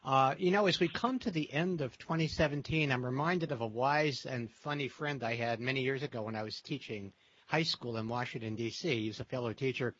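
A man's voice: medium pitch, a little fast, fairly bright tone, breathy edge, no echo. A man hosting an interview show, chatty and storytelling, with a few fillers. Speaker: host. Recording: dry muffled lo-fi sound.

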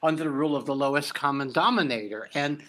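A man hosting an interview, speaking in a reflective, halting way. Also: on the high side, a bit bright. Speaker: host. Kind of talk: conversational interview.

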